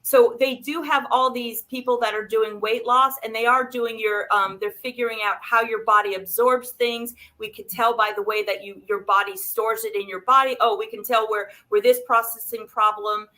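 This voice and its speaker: A woman's voice: on the high side, fairly even intonation, normal speed, few pauses, bright, forceful tone. A woman speaking as a doctor guest on a talk show, explaining nutrition with everyday examples.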